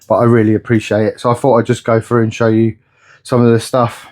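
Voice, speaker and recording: A man's voice: fairly low pitch, completely flat delivery, fast, darkish tone. A man chatting casually in a home vlog, rambling and tripping over words. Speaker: vlogger. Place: indoors at home.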